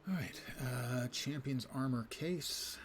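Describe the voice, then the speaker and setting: Taking it slowly, a man with a medium-pitched voice provides casual live commentary on a game he's streaming. He reads quest text out loud and wryly talks to himself, with background noise behind him.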